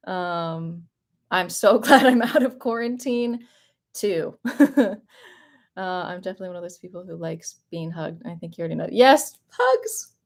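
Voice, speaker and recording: A woman's voice: on the low side, lively intonation, a little slow, creaky. A young American woman with a light Southern accent, chatting casually and laughing often as she answers viewer questions on a livestream. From United States. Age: young adult.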